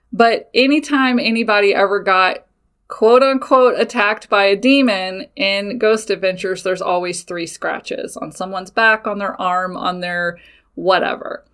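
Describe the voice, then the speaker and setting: Animated, swearing woman telling her story. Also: medium pitch, clean tone. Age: adult with children. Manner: animated, swears freely, talks straight to listeners. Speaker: podcast host. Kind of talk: casual personal storytelling.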